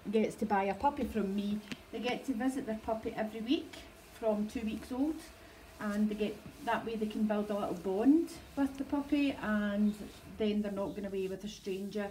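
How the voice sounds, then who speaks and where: Scottish lady rambling on a livestream, laughs a lot, warm mellow voice. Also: medium pitch, moderate pace, slight background noise, rough recording. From Scotland. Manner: chatty, rambling, laughs often. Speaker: dog breeder livestreaming. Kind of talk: casual livestream chat. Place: home, indoors.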